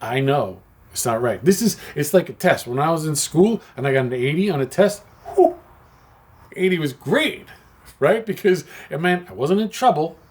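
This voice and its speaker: Husky, animated man talking candidly. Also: fairly high pitch, normal speed. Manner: passionate, rambling, candid. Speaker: parts maker and shop owner. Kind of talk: candid personal video talk.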